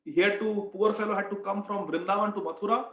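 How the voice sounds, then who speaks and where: A man's voice: sits high, steady tone, quick pace, echoey room, recorded from a distance, lo-fi sound. A man voicing a stern male king who questions and passes judgment in a grave, commanding way, in a retold devotional story.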